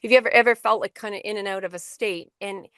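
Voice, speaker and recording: A woman's voice: mid-range voice, steady tone, fast talker, fairly bright tone, smooth, no echo, studio quality. A middle-aged woman presenting a workshop on a video call, telling a story to educators in a conversational way, with frequent restarts and fillers.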